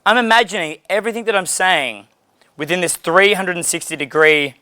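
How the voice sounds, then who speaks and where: A man's voice: high-pitched, a little fast, bright, forceful tone, no room sound. A man giving casual, blunt, profane coaching on approaching women, laughing now and then. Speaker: dating coach.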